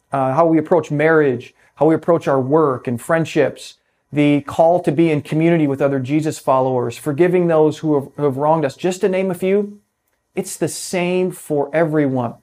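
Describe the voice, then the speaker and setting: A man preaching an earnest sermon, his voice sitting a bit high for a man. He slows down to stress key phrases and lets his closing words drop to a hush. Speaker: pastor.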